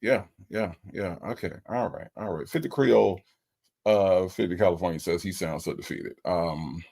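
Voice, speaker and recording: Host, man, low gravelly voice, laid-back exasperated chat. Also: normal speed, darkish tone. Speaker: host reviewing a recorded call. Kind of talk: casual chat reacting to live comments.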